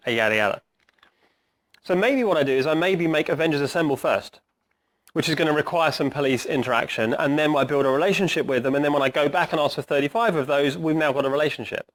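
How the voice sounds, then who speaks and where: His voice on the high side, animated and brisk, a middle-aged agile coach talks conversationally to a live audience in a meeting room. He quizzes them, often tacking on "right?", while going hoarse and clearing his throat.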